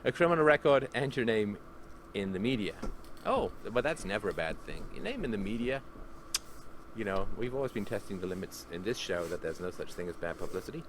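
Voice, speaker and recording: A man's voice: on the low side, lively intonation, fairly quick, noisy background. A man hosting a Q&A podcast, talking in a sardonic, joking, digressive monologue. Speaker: podcast host answering listener questions.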